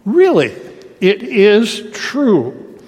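A male pastor with a high voice delivers a sermon at a slow, deliberate pace. He keeps putting rhetorical questions to the congregation. A long reverb trails his words around the hall. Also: wildly swooping pitch, darkish tone, slightly rough.

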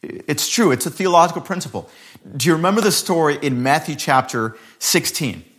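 A man's voice: a little high, lively intonation, brisk, fairly bright tone. Dramatic preacher, man with a raised voice. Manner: dramatic storytelling, shifting pace and volume. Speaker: pastor. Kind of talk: sermon.

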